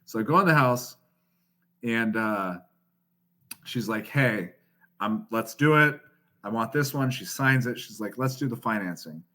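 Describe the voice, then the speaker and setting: A man's voice: on the low side, a little slow, pauses often. A man in his thirties, a podcast guest telling a story casually, swearing often and laughing as he goes. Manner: profane, laughing, animated storyteller.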